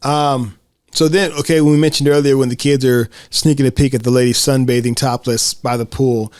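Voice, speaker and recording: A man hosting a casual film discussion podcast, animated, often acting out quotes in high voices. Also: normal speed, no echo, studio quality. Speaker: podcast host.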